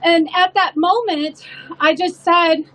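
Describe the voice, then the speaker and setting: A woman's voice: extremely high pitch, fairly even intonation, slow pace, a bit bright, poor audio. A woman, a restaurant owner, telling an emotional story in an earnest rally speech.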